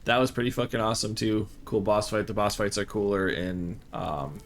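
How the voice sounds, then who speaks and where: A man's voice: fairly low pitch, fairly even intonation, moderate pace, slight background noise. A man hosting a let's play, talking in a rambling, easygoing way as he plays. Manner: rambling, easygoing, reads text aloud. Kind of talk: casual gameplay commentary.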